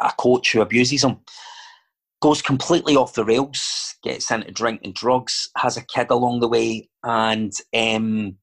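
Rambling Scottish man, husky voice. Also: fairly low pitch. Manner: rambling, lots of fillers and digressions. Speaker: actor and filmmaker guest. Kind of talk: casual chat.

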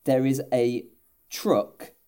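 Man, podcast co-host, animated storyteller, casual film talk. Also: medium pitch, extremely slow, clear, resonant tone. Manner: animated storyteller, acting out quotes with laughs.

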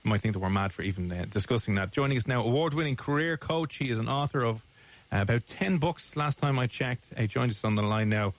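An Irish man co-hosting a radio show in a mid-pitched voice. He talks casually and teases, with plenty of fillers and restarts. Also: lively intonation, fast. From Ireland. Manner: teasing, chatty, with fillers.

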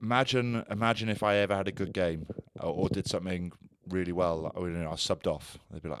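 A man's voice: sits low, steady tone, fast talker, hardly any pauses, dry recording, studio quality. A man in his thirties, a former rugby player co-hosting a casual podcast and telling chatty anecdotes. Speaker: podcast co-host. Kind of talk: casual chat.

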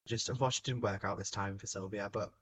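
A man's voice: on the low side, steady tone, very fast, crowd noise. A man co-hosting a podcast in casual chat, blunt and enthusiastic, swearing freely. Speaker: podcast co-host.

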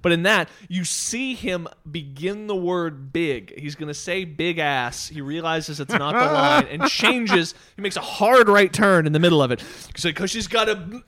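Animated man in a dry close recording. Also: high-pitched, unhurried, few pauses, no echo. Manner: animated, laughs often, quotes lines in put-on voices. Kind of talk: casual movie discussion.

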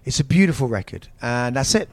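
A man telling stories in a casual chat, animated and swearing, jumping between tangents. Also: mid-range voice, fairly quick, no echo. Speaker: guest musician.

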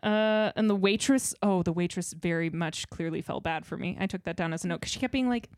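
Animated young woman telling a story. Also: fairly low pitch, brisk, hardly any pauses, dry recording, studio quality. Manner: animated storytelling, frequent laughs and "like". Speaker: podcast co-host. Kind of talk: casual storytelling chat.

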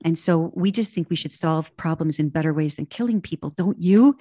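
Woman guest telling a story, kinda low voice, animated, acts out what people said, dry close sound. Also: brisk, no echo. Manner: animated, acts out quoted dialogue. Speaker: guest, ministry president. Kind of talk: casual interview storytelling.

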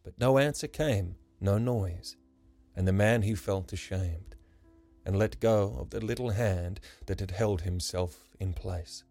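A man reading a rhyming story aloud as a podcast storyteller, soft and measured. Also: low-pitched, gravelly. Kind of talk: scripted rhyming narration. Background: soft instrumental music.

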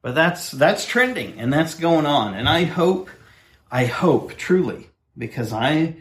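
A man's voice: fairly high pitch, sing-song, takes it slowly, fairly bright tone. A man co-hosting casual radio banter in a sardonic, mock-pompous way. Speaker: co-host.

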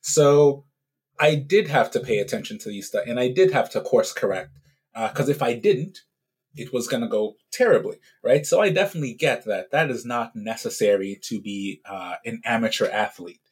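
A man with a mid-range pitch speaks as a podcast guest. He is relaxed and chatty, and he keeps checking in with his listener as he talks. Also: moderate pace, slightly rough. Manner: relaxed, chatty, frequent fillers and "right?". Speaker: guest, amateur cyclist. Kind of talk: casual interview talk.

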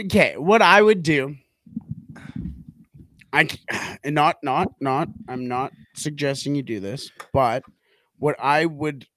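On a casual football podcast, a male co-host rambles through his betting picks, restarting often and repeating words. His voice is medium-pitched with a fairly bright tone, in a dry recording.

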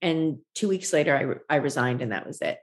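A woman in her forties, a guest on an interview show, tells her story in a lively conversational way and acts out the lines she quotes. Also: low voice, a little fast. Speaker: guest, ice cream shop founder.

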